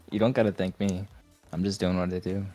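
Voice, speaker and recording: A man's voice: low voice, flat delivery, moderate pace, faint music behind. A man chatting as a podcast guest, easygoing and rambling with casual swearing.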